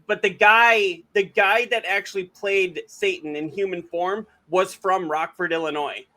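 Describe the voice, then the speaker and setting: A man hosting a podcast, telling stories in an animated, casual way and laughing often. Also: sits high, unhurried. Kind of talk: casual chat.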